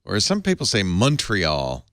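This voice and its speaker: A man's voice: fairly low pitch, very animated, moderate pace, a bit bright, no echo, clean studio sound. A man hosting a tech podcast, playful and joking as he chats with his guests. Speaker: podcast host. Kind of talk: casual tech chat.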